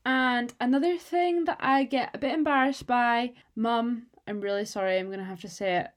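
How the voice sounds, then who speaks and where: A young woman from the UK co-hosting a casual chat, talking fast with lots of "like" fillers and the odd swear. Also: a little high. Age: young adult. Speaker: podcast co-host.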